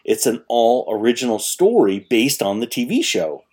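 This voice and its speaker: A man's voice: medium pitch, very animated, normal speed, a little mellow, slightly rough. A man co-hosting a podcast, chatting with enthusiasm and laughing easily. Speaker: podcast co-host. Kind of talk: casual chat.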